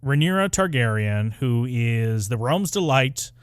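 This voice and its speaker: A man's voice: medium pitch, animated, measured pace, clear, resonant tone, dry recording, clean studio sound. A man co-hosting a casual podcast, rambling and hesitant as he ranks characters, with a playful edge. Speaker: podcast co-host. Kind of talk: casual chat.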